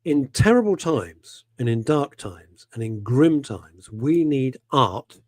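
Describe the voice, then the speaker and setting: A man's voice: mid-range voice, lively intonation, slow pace, darkish tone, dry recording. A man hosting a radio talk show, voicing his opinions with passion and a lot of emphatic repetition. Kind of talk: casual talk radio chat.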